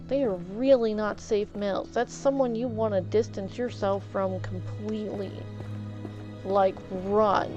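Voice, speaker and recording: Heated woman streamer, muffled lo-fi mic. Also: mid-range voice. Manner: heated, indignant, stumbling repeats. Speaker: livestreamer. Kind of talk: casual chat while gaming.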